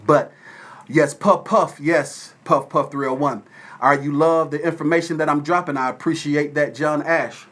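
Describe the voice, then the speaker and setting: Man, fairly high-pitched voice, casual livestream host, phone mic at home. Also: fairly even intonation, normal speed. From Atlanta, Georgia. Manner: shouts out viewers by name, folksy sayings. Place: at home with windows open.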